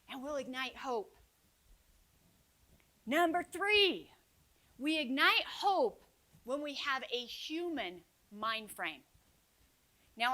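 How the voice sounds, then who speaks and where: A woman speaks on a conference stage into a stage mic, delivering a motivational keynote to teachers. Her voice sits high and sounds bright and sharp. She tells her stories expressively, dropping to a hush and then building to loud, rallying calls. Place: conference stage before an audience.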